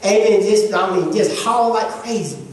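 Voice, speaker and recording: In a church sanctuary, a woman preaches to her congregation in an emphatic, repetitive call-and-response style. Her voice is medium-pitched and darkish, delivered at a moderate pace. The sound is echoey, captured from far off in the hall.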